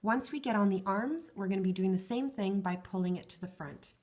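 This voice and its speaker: A woman's voice: mid-range voice, a little fast, darkish tone. A woman walks viewers through a craft project one step at a time and counts out each stitch as she goes. Her voice is tired and wearing thin, close to giving out. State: losing her voice. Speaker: craft tutorial host.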